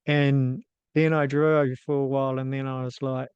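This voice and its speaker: A man in his fifties with a New Zealand accent, hosting and telling a personal story in a casual, unhurried way, with frequent ums and restarts. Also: mid-range voice, flat delivery, a little mellow, smooth, dry recording, highs cut off. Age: 50s. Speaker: host.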